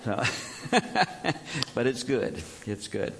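A man's voice: medium pitch, very animated, drawn-out words, gravelly, a bit bright, a little hiss or hum. A male preacher giving a conversational Bible teaching and telling the story with animation, acting out the quotes.

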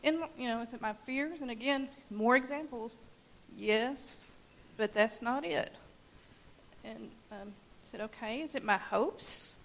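A woman giving a personal testimony at a church service, telling her story in an animated way and laughing at times. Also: fairly high pitch, normal speed, hardly any pauses, low-quality recording. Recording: faint hiss.

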